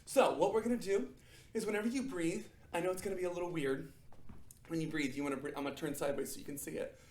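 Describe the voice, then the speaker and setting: A young adult man teaching children a drama warm-up, upbeat and encouraging, checking in often. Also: on the high side, fast talker, roomy sound. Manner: upbeat, encouraging, frequent "okay?" check-ins. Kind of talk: guided acting warm-up for children.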